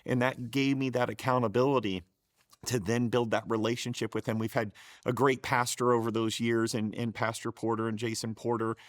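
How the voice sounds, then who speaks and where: Emotion keeps catching this middle-aged co-host as he earnestly tells his faith testimony, so he often restarts his sentences. His mid-range voice moves little in pitch and runs brisk, captured in clean studio sound without room noise.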